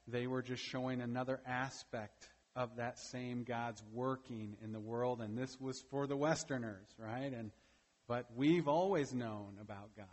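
A man's voice: mid-range voice, steady tone, a little slow, big-room sound. A man preaching a sermon during a morning church service, speaking emphatically and often tagging his points with "right?". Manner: emphatic preaching with frequent "right?" tag questions. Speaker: pastor.

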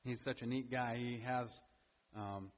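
A man's voice: medium pitch, fairly even intonation, a little slow, long reverb tail, a little hiss or hum. A man preaching a sermon during a morning church service, speaking emphatically and often tagging his points with "right?". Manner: emphatic preaching with frequent "right?" tag questions. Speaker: pastor.

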